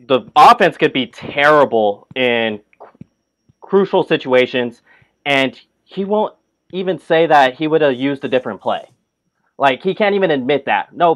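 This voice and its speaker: A man's voice: mid-range voice, poor audio. A man on a sports podcast panel, sarcastic, acting out what players and coaches might say. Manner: sarcastic, acts out quotes. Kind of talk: sports talk.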